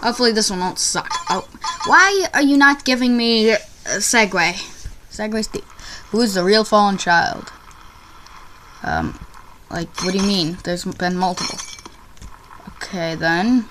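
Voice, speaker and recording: Excitable young woman gaming commentary. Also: medium pitch, a little slow, pauses often, a little hiss or hum. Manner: excitable, yelps and shrieks at failures. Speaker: gaming YouTuber. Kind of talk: gameplay commentary.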